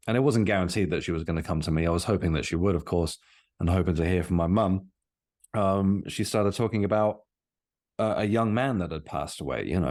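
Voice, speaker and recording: Deep-voiced man, halting storytelling. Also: a little mellow. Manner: hesitant, many restarts and fillers. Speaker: podcast guest. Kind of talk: conversational storytelling.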